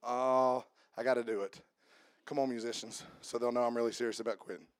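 A man preaching an Easter sermon in church, joking quietly with the congregation and then building to loud, drawn-out preaching. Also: mid-range voice, flat delivery, clear, resonant tone.

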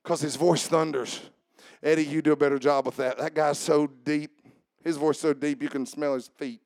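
A man preaching a sermon as a pastor, building from casual asides into shouted, rhythmic climaxes. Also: fairly high pitch, level tone, normal speed, no echo.

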